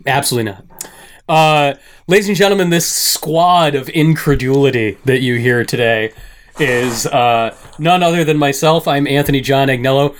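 A man hosting a podcast, joking and talking fast in casual banter with his co-hosts. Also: mid-range voice. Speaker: podcast host.

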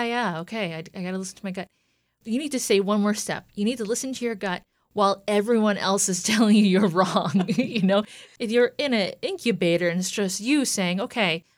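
A woman's voice: medium pitch, no room sound. A woman in her thirties, a podcast guest telling a personal story in earnest, quoting what people said. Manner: earnest, retelling with quoted dialogue.

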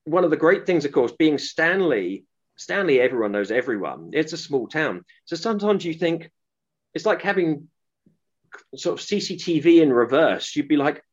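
Here is a man, somewhat higher-voiced than most, who recounts an episode earnestly and at length. He often stops and restarts mid-sentence. The recording sounds dull and lo-fi. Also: very animated, moderate pace. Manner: earnest, rambling with restarts and acted quotes. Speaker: author guest. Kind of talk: interview storytelling.

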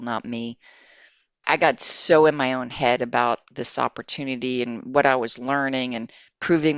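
A woman guest, an HR executive, telling a career story in an animated, conversational way. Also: very deep voice, no echo. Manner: animated, acts out quoted dialogue.

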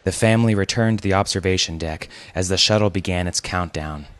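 A man narrating a story in a measured, unhurried reading. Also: low voice, no echo. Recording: faint music behind.

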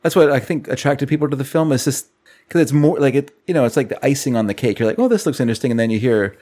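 A man's voice: mid-range voice, fairly even intonation, darkish tone. A man co-hosting a podcast in casual chat, easygoing and agreeable. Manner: easygoing, agreeable, quick to laugh. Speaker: podcast co-host.

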